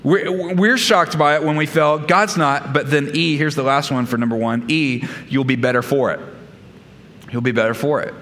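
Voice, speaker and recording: A man's voice: a little high, moderate pace, a bit bright. A man preaching a sermon as pastor, emphatic, repeating key phrases and laying out numbered points. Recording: long reverb of a large hall.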